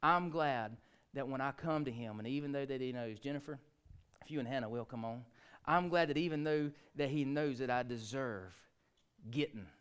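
A man, preaching a sermon, swinging between hushed, quiet lines and loud, rising ones. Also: mid-range voice, clean tone. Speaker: pastor.

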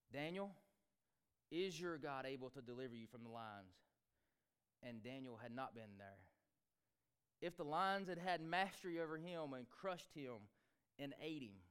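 A male pastor preaching a sermon fervently, swinging between loud peaks and hushed stretches. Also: mid-range voice, clean tone.

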